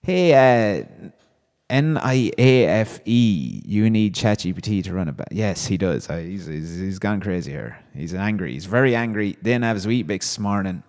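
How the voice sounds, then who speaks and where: In what sounds like a large hall, a livestream host with a lowish, slightly mellow voice speaks expressively at normal speed. He reads viewer comments aloud and banters back with wry amusement.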